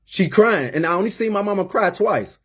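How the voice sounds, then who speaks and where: A man in his late thirties speaks with a husky, slightly raised voice. He talks in an emphatic, preachy way and stacks up repeated words as he builds each point, like a mentor pleading with his listeners. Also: high voice, lively intonation, fairly quick. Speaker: former inmate turned community mentor. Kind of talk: impassioned personal monologue.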